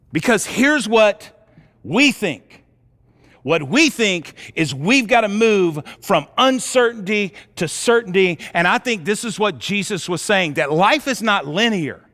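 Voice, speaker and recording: Male pastor, high voice, lively casual storytelling sermon, long church-hall reverb. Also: unhurried. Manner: animated storytelling with casual slang. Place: church auditorium.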